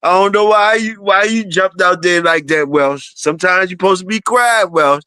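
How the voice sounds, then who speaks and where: A man's voice: high-pitched, normal speed, pushed and bright, smooth, no echo. A man in a casual streamed talk, teasing others with profane banter and repeating their names for emphasis.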